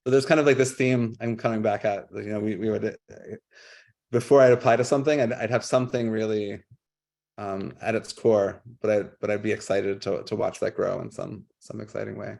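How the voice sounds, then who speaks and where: A man presenting his public art work on a video call, casual and halting, with many fillers and restarts. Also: lowish voice, fairly even intonation, vocal fry, darkish tone. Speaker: guest artist.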